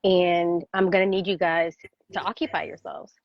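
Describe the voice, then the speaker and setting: A woman's voice: fairly low pitch, normal speed, no echo. Woman coach telling stories on a call. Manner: animated storyteller, laughs often, acts out voices. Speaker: parenting coach, guest. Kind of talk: casual interview conversation. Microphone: video call. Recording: dry, dull video-call audio.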